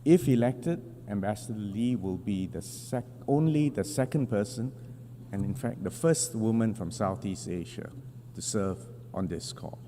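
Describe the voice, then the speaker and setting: Measured man in a vast hall. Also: fairly low pitch, animated, dark tone. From Singapore. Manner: measured, deliberate phrasing with emphatic stresses. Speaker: national representative addressing the General Assembly. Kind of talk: formal prepared speech. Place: large assembly hall. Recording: long hall reverb with faint hum.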